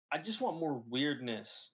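A man co-hosting a podcast in casual chat, enthusiastic and talking in quick bursts. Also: fairly high pitch, a bit bright, breathy edge. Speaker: podcast co-host.

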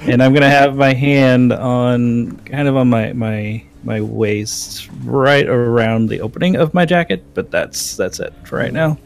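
A man's voice: mid-range voice, measured pace, creaky, few pauses. A man playing a tabletop game, asking polite and careful questions. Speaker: player. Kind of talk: casual tabletop play.

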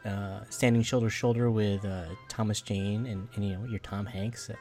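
A man's voice: on the low side, little pitch movement, moderate pace, dark tone, soft background music. A man co-hosting a casual podcast chat, rambling with lots of fillers and frequent laughs.

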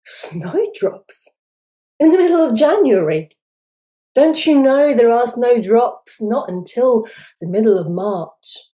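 A man's voice: very high voice, expressive, measured pace, mellow, rough recording. A woman voicing January, a stern old man with a long white beard who questions a lost girl in a storybook tale. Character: stern old male winter month spirit.

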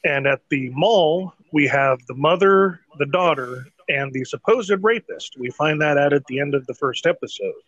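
Podcast host, male, slightly higher voice, dry close mic, loose rambling recap with swearing. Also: normal speed, hardly any pauses, a bit bright, no room sound, muffled recording. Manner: rambling, profane, laughs mid-sentence. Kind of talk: casual chat recapping a TV show.

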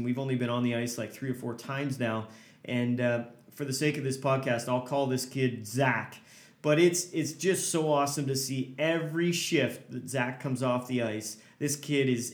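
A man's voice: mid-range voice, roomy sound. A man hosting a motivational podcast as a hockey coach, talking earnestly and hammering points home with repeated lists.

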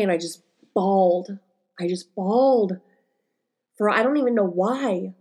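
A woman's voice: mid-range voice, moderate pace, long pauses, a little mellow, breathy edge. Emotional woman podcaster rambling candidly. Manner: rambling, candid storytelling with many fillers. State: emotional, close to tears. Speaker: podcast host and life coach. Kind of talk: casual solo podcast monologue.

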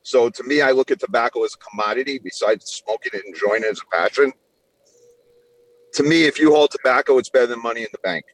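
Brisk man talking business. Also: medium pitch, fairly bright tone, low-quality recording. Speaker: guest. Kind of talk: casual interview chat.

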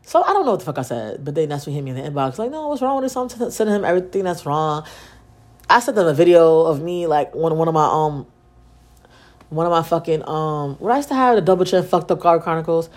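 A woman's voice: deep voice, fast talker. A young woman, telling stories casually and profanely on her own podcast. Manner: profane, animated, slangy. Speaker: podcast host. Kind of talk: casual solo storytelling.

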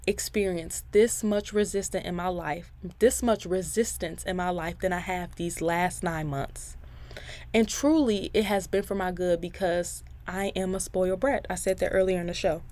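A woman's voice: mid-range voice, moderate pace. Woman, 20s, podcast host; candid, chatty, encouraging, talks straight to the audience. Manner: chatty and candid, addresses listeners directly, laughs between thoughts; faith-filled, encouraging. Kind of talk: casual podcast monologue.

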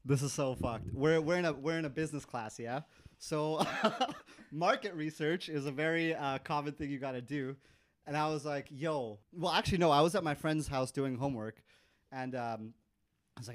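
A man's voice: medium pitch, normal speed, no echo. Laid-back man telling a story. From North America. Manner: animated, laughing storyteller. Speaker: podcast host. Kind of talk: casual storytelling.

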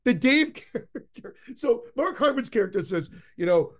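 A man co-hosting a podcast in casual film talk, enthusiastic and halting as he retells favorite jokes. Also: high voice, lively intonation. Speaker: podcast co-host. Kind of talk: casual movie review chat.

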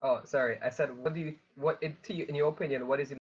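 A man hosting a casual podcast interview, friendly and quick to laugh. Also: mid-range voice, steady tone, breathy edge, muffled recording. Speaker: podcast host.

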